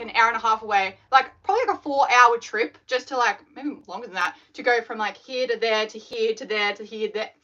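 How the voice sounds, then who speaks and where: Aussie woman rambling on a live stream, bright higher voice, kinda dull lo-fi sound. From Australia. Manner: chatty and animated, filler-heavy storytelling. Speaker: scrunchie maker hosting a live stream. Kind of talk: casual live-stream chat.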